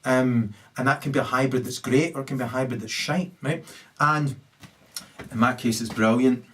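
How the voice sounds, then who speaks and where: A man talks straight to camera in a long, rambling rant. His voice sits at an ordinary middle pitch but leaps up loud and high in bursts, then sinks into low mutters. He swears freely and keeps checking in with "right?". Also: steady tone, moderate pace, a little hiss or hum. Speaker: solo video commentator.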